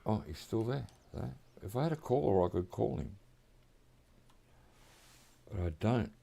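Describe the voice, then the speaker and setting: A deep, gravelly-voiced Australian man in middle age, talking loosely over gameplay. His tone is dark and mellow, and he rambles in a relaxed way, dropping slang like "mate" and "reckon" with easy chuckles. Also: unhurried. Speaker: gaming streamer. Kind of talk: casual gameplay chat.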